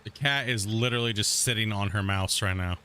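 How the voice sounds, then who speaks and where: Brisk and bright, this gaming streamer's lowish, pushed voice comes through a desk mic at his home setup with a little hiss or hum. He chats casually on his live stream, tossing out "dude" often and cooing at his cat.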